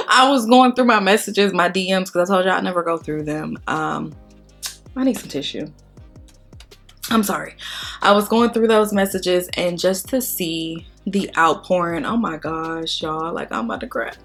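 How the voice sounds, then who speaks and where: A woman's voice: fairly low pitch, moderate pace, fairly bright tone, faint music behind. A young adult woman chatting casually and candidly while doing her makeup, swearing freely and crying as she thanks her viewers. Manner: candid, profane, tearful and emotional. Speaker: beauty vlogger.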